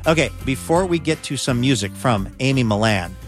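A male radio host with a mid-range voice introduces segments in a friendly, upbeat broadcast style. A clear music bed plays under him as he speaks in the studio. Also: mid-range voice, lively intonation, normal speed. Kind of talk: scripted radio hosting.

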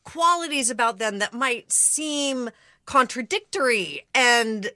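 A woman's voice: fairly high pitch, animated, a little slow, sharp tone, dry recording, studio quality. A woman hosting an interview, speaking in a reflective way and thinking aloud. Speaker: host. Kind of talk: interview conversation.

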